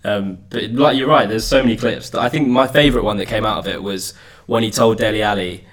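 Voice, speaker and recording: A man's voice: fairly low pitch, fast. A man talking as a podcast guest in an eager, casual way, often repeating words as he thinks. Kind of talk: casual chat.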